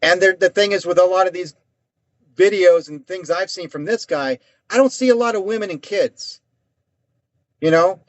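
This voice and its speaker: Guy ranting in casual chat, cussing a lot, kinda high voice, dry muffled audio. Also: moderate pace, no echo. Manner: heated, rambling, swears often. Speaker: podcast co-host. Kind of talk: casual conversation. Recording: dull dry lo-fi sound.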